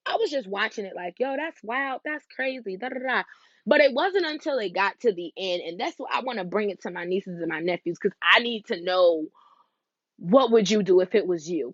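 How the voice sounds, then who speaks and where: A woman in her twenties hosting a podcast, telling stories in a casual, animated way, with slang and frequent asides to her listeners. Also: mid-range voice, no echo, dull audio. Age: 20s. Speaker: podcast host. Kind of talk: casual solo podcast chat.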